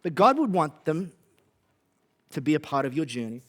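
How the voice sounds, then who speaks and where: An Australian man preaching a sermon as a pastor, conversational and animated, with playful asides. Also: a little high, moderate pace.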